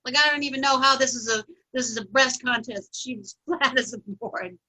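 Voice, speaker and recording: Lively woman comic, laughing as she tells it, crisp bright voice. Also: high voice, brisk, low-quality recording. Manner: animated, laughing storyteller. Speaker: comedian guest. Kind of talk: casual storytelling chat.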